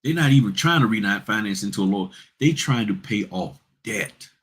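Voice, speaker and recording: A man's voice: on the low side, lively intonation, normal speed, fairly bright tone, breathy edge. A man hosting a notary business vlog, giving blunt, straight-talking advice and repeating points for emphasis.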